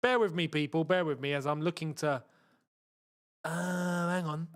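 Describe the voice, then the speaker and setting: A young man with a London accent hosting a live football watchalong, chatting excitably and muttering to himself as he fiddles with the screen. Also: a little high, moderate pace, smooth. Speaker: football channel host.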